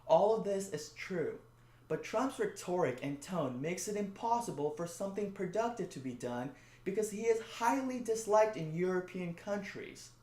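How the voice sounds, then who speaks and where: A man hosting a satirical late-night news monologue, sarcastic and punchy, with quick asides. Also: sits high, animated, darkish tone, echoey room. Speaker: comedy show host.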